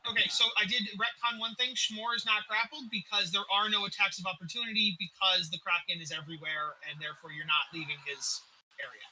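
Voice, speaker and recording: A man's voice: high-pitched, flat delivery, a little fast, noisy background. A man running an online tabletop game as dungeon master, patiently explaining rules and chuckling often. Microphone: desk mic.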